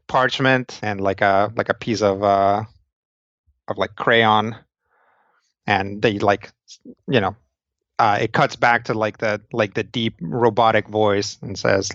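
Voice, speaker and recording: A low-voiced man narrating a tabletop game as game master. He talks slowly and meanders through scene descriptions. The recording is dry and a little dull. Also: fairly bright tone, no echo.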